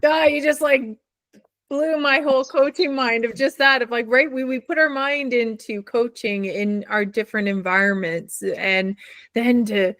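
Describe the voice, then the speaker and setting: A woman hosting a coaching podcast, reacting with excited affirmations and building on her guest's ideas. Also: fairly high pitch, normal speed, dry recording. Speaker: podcast host and leadership coach. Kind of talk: conversational interview.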